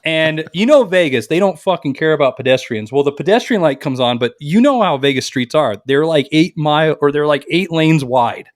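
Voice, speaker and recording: A man co-hosts a casual podcast with a lively, wide-ranging voice that sits a little high. He tells a rowdy story in a relaxed, profane way and keeps slipping into the voices of the people in it. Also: moderate pace, few pauses, no room sound, studio quality. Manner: animated, profane, acts out quotes. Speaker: podcast co-host.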